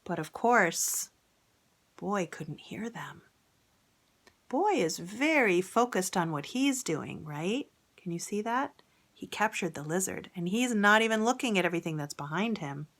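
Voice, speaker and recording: A woman reading a picture book aloud to children, gently, with whispered asides and questions. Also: mid-range voice, expressive, a little slow. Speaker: storybook reader.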